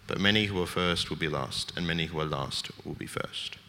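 Man reading scripture, very deep voice, bright tone, church reverb. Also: fairly quick. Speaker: scripture reader.

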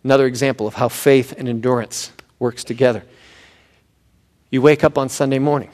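A pastor preaching a sermon, animated and swinging from loud emphasis to hushed tones. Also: male voice, medium pitch, brisk.

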